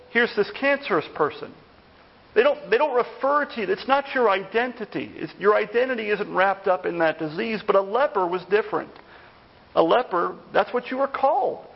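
High, gravelly-voiced pastor preaching. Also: male voice, moderate pace, highs cut off. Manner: conversational, animated when retelling stories. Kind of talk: evening sermon. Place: church.

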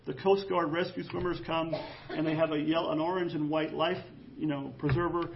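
High-voiced pastor guy preaching in church, jokey and animated, a bit gravelly. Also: fairly quick, dull audio, a little hiss or hum. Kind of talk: sermon.

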